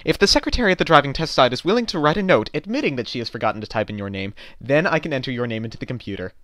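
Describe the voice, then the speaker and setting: Brief: man doing a stern female office clerk for a radio play, pedantic and deadpan, fast lively delivery, slightly high, dry close sound. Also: no echo. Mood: smug bureaucratic. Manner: deadpan, pedantic, coolly condescending. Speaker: voice actor. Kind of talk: amateur voice-over radio-play acting.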